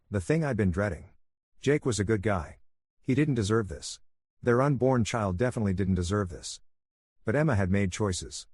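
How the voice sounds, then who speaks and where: A man calmly narrating a first-person story in an even, soothing manner. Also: fairly low pitch, no room sound.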